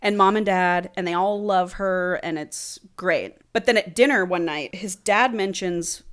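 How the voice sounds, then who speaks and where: Lowish-voiced woman recapping a book, swearing. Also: unhurried. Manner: animated, swears freely, quotes characters. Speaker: podcast host. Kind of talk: casual chat recapping a book.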